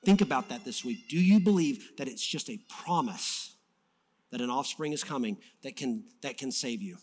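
A pastor preaching a sermon in a church, fired up and swinging between loud emphasis and soft-spoken moments. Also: male voice, mid-range voice, lively intonation, normal speed.

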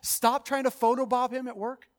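A man preaching a sermon as pastor. He swings from loud, drawn-out proclamations to hushed, quiet lines, with bursts of rapid exhortation. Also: very high-pitched, flat delivery.

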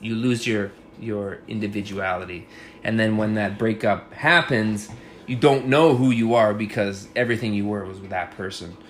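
A man's voice: fairly low pitch, fairly even intonation, moderate pace, a little hiss or hum. Profane, frank male podcast host. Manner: frank, profane, advice-giving. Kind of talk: casual chat.

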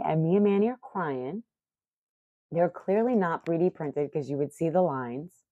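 A middle-aged woman vlogging in casual chat, excitable, profane and rambling. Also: low voice, no room sound, muffled recording.

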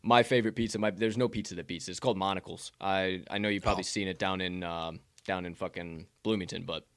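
A young man from Illinois, telling stories in casual chat, swearing heavily and bursting out loudly when excited. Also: deep voice, fast, clean tone, no room sound, studio quality. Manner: animated storyteller, heavy swearing, loud bursts when excited.

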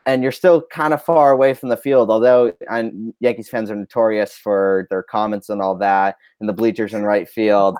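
Man, co-host, relaxed casual talk, low voice, dry sound. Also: moderate pace, hardly any pauses, smooth, no echo. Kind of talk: casual chat.

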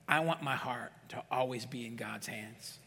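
In a church sanctuary with long hall reverb, a middle-aged male pastor preaches an emphatic sermon, calling for amens and acting out doubters' excuses. His mid-range voice is bright and forceful, with vocal fry and a moderate pace.

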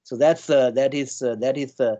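Halting man explaining with many restarts. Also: medium pitch, fairly even intonation, dark tone, lo-fi sound. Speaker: scientist guest. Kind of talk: conversational explanation.

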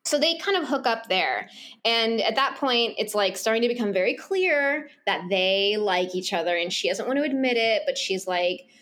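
A woman's voice: on the high side, lively intonation, moderate pace, a bit bright. Chatty woman recapping a book. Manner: rambling, filler-heavy, acts out character lines. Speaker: podcast co-host. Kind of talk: casual chat, recapping a book.

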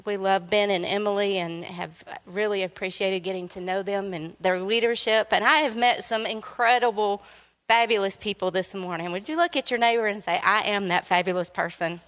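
A woman's voice: medium pitch, moderate pace, a bit bright. A woman guest preacher giving a sermon in a church, playful and joking with the congregation. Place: church sanctuary. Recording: long hall reverb.

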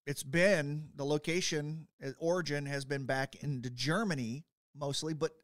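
A man's voice: a little high, steady tone, normal speed, fairly bright tone, dry recording, studio quality. A man co-hosting a podcast, playful and eager, laughing easily. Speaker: podcast co-host. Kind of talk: casual chat.

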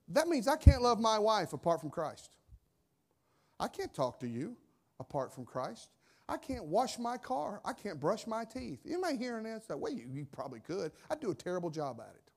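A male pastor preaching a sermon, swinging from soft asides to loud emphatic lines and repeating phrases for effect. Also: high voice, very animated, normal speed. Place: church sanctuary.

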